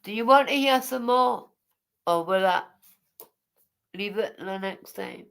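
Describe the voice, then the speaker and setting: A woman's voice: medium pitch, unhurried, gravelly, fairly bright tone, clean tone. Chatty woman reading aloud. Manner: chatty, digressive, teasing asides. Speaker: vlogger reading her memoir aloud.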